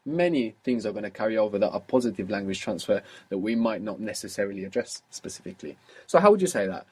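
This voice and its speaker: Male language teacher, slightly husky, patient, quizzes a learner and repeats answers back. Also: lowish voice, lively intonation, quick pace, hardly any pauses. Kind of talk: guided spoken lesson.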